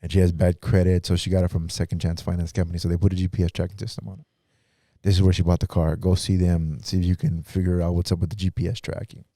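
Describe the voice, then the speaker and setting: A man's voice: low-pitched, flat delivery, fast talker, warm tone, no room sound, studio quality. A pastor guest in a podcast interview, telling his own story in a casual, earnest way and acting out what others said.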